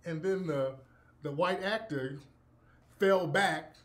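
High-voiced man telling a profane story. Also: slow. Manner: profane, laughing, acts out quotes. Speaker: radio show host. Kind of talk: casual anecdotal storytelling.

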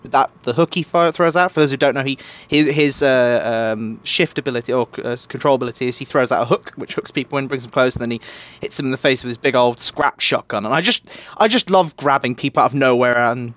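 A man's voice: medium pitch, fast, a bit bright. A young man chatting as a podcast guest, gushing with enthusiasm and tripping over his restarts. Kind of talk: casual podcast chat.

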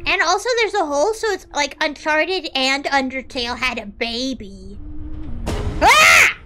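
Very high-pitched chaotic woman streamer. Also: moderate pace, heavy background noise. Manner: chaotic, joking, self-mocking. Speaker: horror game streamer. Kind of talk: live gameplay commentary.

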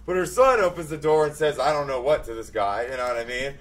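A man's voice: fairly high pitch, expressive, fast, crowd noise, rough recording. A man telling a rambling, profane story in a casual chat among friends. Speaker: podcast co-host.

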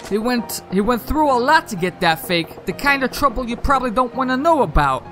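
A man voicing a blunt, cocky gangster in a video game, dropping his voice low with a drawl. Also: very animated, brisk, bright, forceful tone, soft background music, full character voice. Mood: lecturing.

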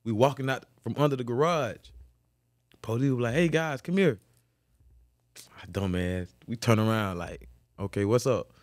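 A man's voice: moderate pace, dry recording, studio quality. Profane storyteller man. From Florida. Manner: profane, animated storytelling, repeats "boom" as a beat. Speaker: guest, former football player. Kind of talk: casual storytelling interview.

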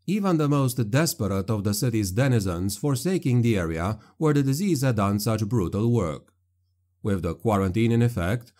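A man narrating a dark fantasy audiobook in a measured, grave manner. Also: medium pitch.

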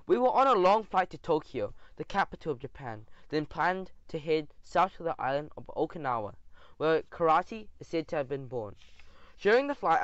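A man reading an audiobook in an animated, expressive way. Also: a little high, dry recording. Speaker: audiobook narrator. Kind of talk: scripted audiobook narration. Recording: dull dry audio.

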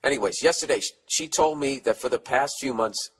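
A man's voice: mid-range voice, brisk, breathy edge. A middle-aged man hosting a podcast, giving blunt, profane comedic advice in a rambling way while reading out listener letters. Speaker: podcast host.

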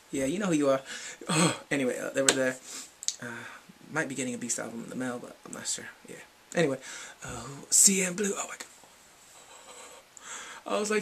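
A man giving a casual fan recap vlog, excitable and swinging between whispers and shrieks. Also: mid-range voice, a little fast, gravelly, slight background noise. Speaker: fan vlogger.

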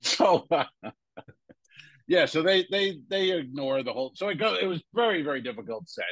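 A stand-up comedian co-hosting a podcast, telling a rambling backstage anecdote full of crude jokes. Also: male voice, on the high side, lively intonation, normal speed, a bit bright, dry recording, low-quality recording. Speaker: podcast co-host. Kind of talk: casual storytelling.

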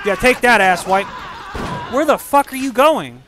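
A man giving casual gameplay commentary, excitable and profane, yelling at enemies while chatting. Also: very high-pitched, unhurried, noisy background. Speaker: gamer commentator.

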